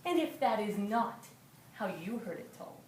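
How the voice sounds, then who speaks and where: A woman telling a folk tale live to an audience, with a rhythmic, repetitive, expressive delivery. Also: medium pitch, unhurried, a little hiss or hum. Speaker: storyteller. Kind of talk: live oral storytelling. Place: storytelling venue before an audience. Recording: roomy live room from a distance.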